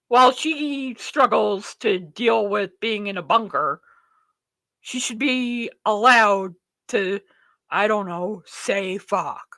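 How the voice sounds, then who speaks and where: On her livestream commentary show, the host rants with blunt, free swearing, rambles, restarts sentences and mutters to herself. She speaks slowly in a mid-range, sharp-toned voice, and there's no echo.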